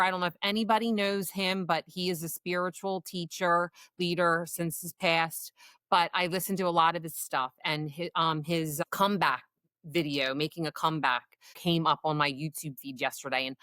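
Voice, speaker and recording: A woman's voice: fairly low pitch, a bit bright, no room sound. A woman in her forties co-hosting a casual podcast as a coach, giving earnest, encouraging advice. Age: 40s.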